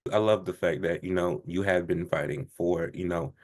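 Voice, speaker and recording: A man's voice: sits low, steady tone, normal speed. A man from Baltimore with a Baltimore accent, interviewing in an easygoing, chatty way. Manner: easygoing, laughs often. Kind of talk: casual interview conversation.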